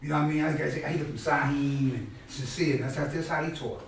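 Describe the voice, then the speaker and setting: A middle-aged man telling stories at a class in a casual, animated way, often acting out what others said and repeating words. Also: fairly high pitch, brisk, gravelly, a little hiss or hum. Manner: animated, acts out quoted people loudly, repeats words. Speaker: guest speaker at a class. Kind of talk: conversational storytelling lecture. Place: indoor classroom space. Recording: very echoey room, mic far off.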